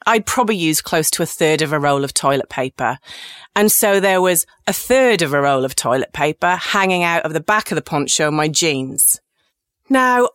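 A woman's voice: mid-range voice, no echo, clean studio sound. A woman in her forties, a podcast host, tells comic personal stories in a candid, cheeky, self-mocking way.

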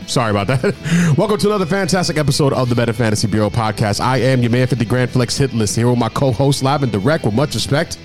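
A man hosting a casual podcast, joking and greeting loudly, his voice a bit cracked. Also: medium pitch, fast talker, hardly any pauses, faint music behind. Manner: joking, hype-style greetings. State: scratchy voice cracking. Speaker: podcast host.

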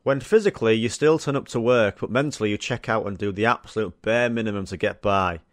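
A man's voice: on the low side, brisk, no room sound, studio quality. A young man hosting a solo podcast, chatting casually and swearing through rambling stories. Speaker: podcast host.

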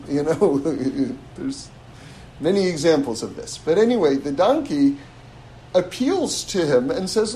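High-voiced male teacher giving an animated, casual scripture lesson. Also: slow, poor audio. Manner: animated, chuckling, repeats words while thinking. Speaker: religious teacher.

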